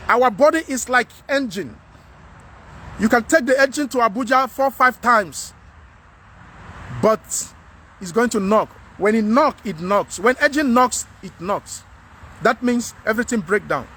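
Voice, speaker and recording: A high-voiced Nigerian man speaks straight to his followers in a frank, preachy vlog. He repeats his points to drive them home. Faint outdoor traffic noise sits behind his phone recording. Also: animated, measured pace, pushed and bright. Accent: Nigerian English. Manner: earnest, preachy, repeats himself. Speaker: vlogger. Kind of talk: frank monologue to camera.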